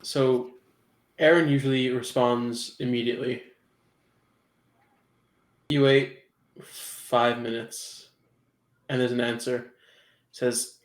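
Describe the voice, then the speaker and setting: A man narrating a tabletop game at a middling pitch, relaxed and a little hesitant, with fillers. His voice sits in a roomy space with clear echo. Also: slow, pauses often. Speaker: game master.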